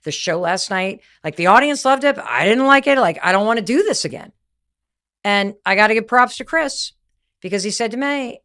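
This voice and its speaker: A woman's voice: mid-range voice, expressive, moderate pace, fairly bright tone. A middle-aged woman giving a motivational talk, candid and emphatic, telling stories and acting out what people said. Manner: candid, emphatic storytelling with quoted voices. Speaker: podcast host and speaker.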